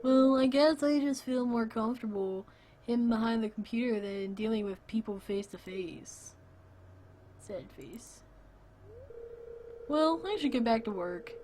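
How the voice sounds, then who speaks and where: Moody young male loner read by a woman, mumbly and flat, unhurried game dialogue. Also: on the high side, a little hiss or hum, close to an everyday voice. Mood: gloomy. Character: gloomy young man, a loner coder.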